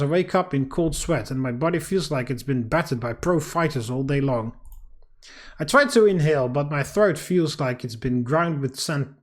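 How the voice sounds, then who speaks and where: A man hosting a game playthrough, reading the story aloud in a steady, dramatic way with casual asides. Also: fairly high pitch. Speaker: let's play host. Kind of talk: reading a visual novel aloud.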